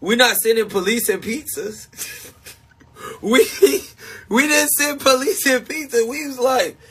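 A man's voice: very high-pitched, a little slow, a bit bright, breathy edge. A man streaming live to his supporters in a casual, emphatic, confessional way. He repeats his points and laughs often between them. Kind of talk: casual livestream chat.

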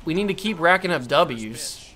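A man's voice: on the high side, expressive, normal speed, bright, forceful tone, soft background music. A man giving casual gameplay commentary, talking to himself and prone to frustrated outbursts. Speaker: gamer.

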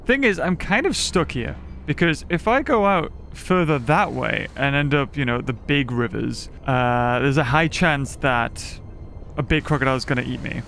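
A man's voice: medium pitch, moderate pace, vocal fry, a bit bright, slight background noise. A man giving casual, chatty commentary while playing a survival game, giggling and talking to the animals on screen. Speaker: gaming YouTuber. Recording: game music behind the voice.

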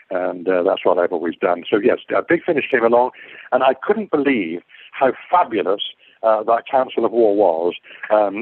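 A man's voice: mid-range voice, breathy edge. An older man from England, a guest telling rambling stories that digress and lose the thread. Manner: digressive, repeats words, loses his thread. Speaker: guest actor. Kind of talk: rambling interview anecdotes. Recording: muffled phone-like call line.

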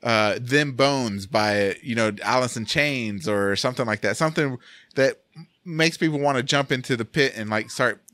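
An excitable man hosting a casual movie-review chat, rambling through his points and breaking into laughter. His voice sits at an ordinary middle pitch, recorded dry and close with no room sound. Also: normal speed, no room sound. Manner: animated, rambling, laughs often. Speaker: podcast host.

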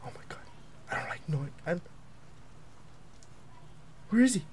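A young man commentating a horror game as he plays, jumpy and excitable, yelping and taunting the monster. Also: sits high, normal speed, long pauses, a little hiss or hum. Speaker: gaming video creator.

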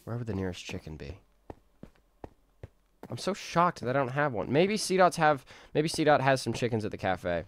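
A man's voice: mid-range voice, sing-song, moderate pace. A man giving casual, rambling gameplay commentary, talking to himself with jokey outbursts. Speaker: gaming streamer.

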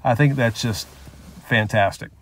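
A man's voice: medium pitch, a little slow. Man chatting in a moving truck. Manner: easygoing, chatty, laughs often. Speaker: car review co-host. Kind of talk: casual car review chat. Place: inside a moving pickup truck. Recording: road and engine noise. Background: vehicle road noise.

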